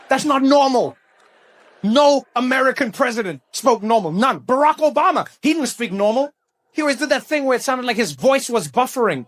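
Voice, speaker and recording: A male comedian doing stand-up, punchy and animated, with repeated refrains. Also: very high voice, brisk, slight background noise.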